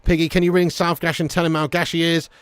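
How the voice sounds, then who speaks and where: Rowdy sweary football streamer. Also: male voice, a little high, flat delivery, quick pace, clear, resonant tone, dry recording, clean studio sound. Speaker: match watch-along host. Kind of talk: live football watch-along banter.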